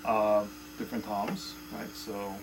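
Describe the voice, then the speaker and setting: A man's voice: on the low side, level tone, measured pace, vocal fry, over loud music, poor audio. A man teaching a casual drum lesson, counting beats and chanting stroke names aloud in a loose, chatty way. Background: loud drumming.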